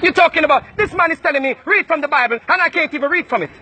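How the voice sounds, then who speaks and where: A man from Jamaica, ranting and shouting confrontationally at people outdoors. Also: very high-pitched, very fast, background noise.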